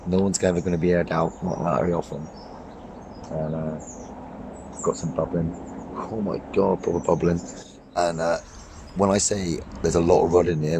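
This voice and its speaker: A man with a hoarse voice from a cold, chatting casually and cheerfully into a handheld camera beside a small overgrown lake. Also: sits low, background noise. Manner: upbeat, rambling, laughs often. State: hoarse, losing his voice from a cold. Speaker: fishing vlogger.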